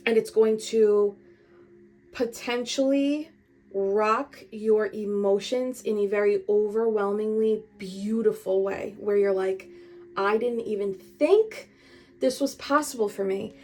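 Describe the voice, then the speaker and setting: A young woman talks through a tarot reading straight to her viewers. She is chatty and meandering, and she leans on her points with emphasis. Her voice sits at an ordinary middle pitch. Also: steady tone, a little slow, a little mellow. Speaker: tarot reader. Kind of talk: casual spiritual tarot reading.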